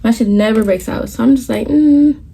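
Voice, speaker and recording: A woman's voice: fairly high pitch, fairly even intonation, fast talker, gravelly, mellow, a little hiss or hum. A young woman in her twenties telling a casual storytime, candid and profane, talking straight to viewers in loose, rambling asides. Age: 20s. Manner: talks in loose run-on asides, restarts the story. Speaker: vlogger.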